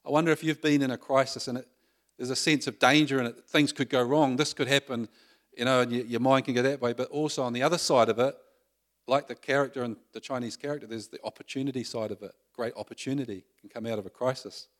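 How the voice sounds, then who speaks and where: A man's voice: mid-range voice, steady tone, quick pace. Male preacher, conversational sermon, asks the room questions, mid-range voice.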